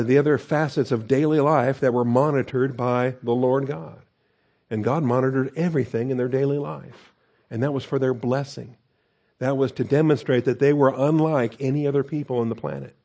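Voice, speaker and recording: A man's voice: medium pitch, warm tone. A middle-aged man, a pastor teacher, giving a conversational sermon with humorous asides.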